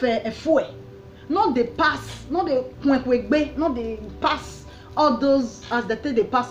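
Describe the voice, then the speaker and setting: A woman's voice: fairly high pitch, darkish tone, lo-fi sound. Passionate Nigerian woman ranting. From Edo State, Nigeria. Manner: passionate, preachy, repeating questions. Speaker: vlogger. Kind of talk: opinion rant.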